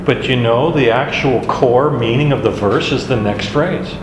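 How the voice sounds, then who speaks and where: A man teaching a Bible study class in a slow, conversational, self-deprecating way. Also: medium pitch. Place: classroom or church meeting room. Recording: echoey room recording, faint hiss.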